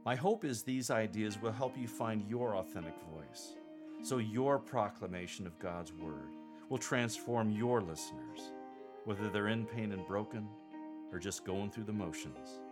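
A man hosting an instructional podcast, coaching scripture readers in a measured, deliberate way. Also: on the low side, expressive, over music.

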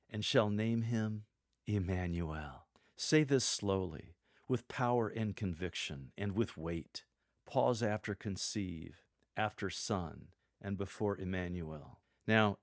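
A man with a fairly low voice delivers scripted, measured coaching to church lectors, reading sample lines aloud to demonstrate the delivery he means. The recording is close and dry, with no room sound.

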